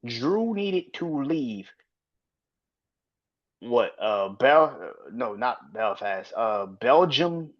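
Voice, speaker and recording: A man's voice: mid-range voice, lively intonation, unhurried. A man hosting a podcast, ranting bluntly and profanely about wrestling in casual, opinionated commentary. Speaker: podcast host. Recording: slightly dull lo-fi audio.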